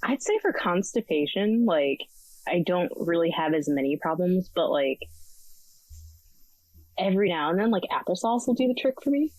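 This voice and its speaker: A woman's voice: on the low side, lively intonation, moderate pace, a little mellow, no echo, low-quality recording. A woman guest on a casual podcast, answering candidly and laughing between answers. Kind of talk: casual chat.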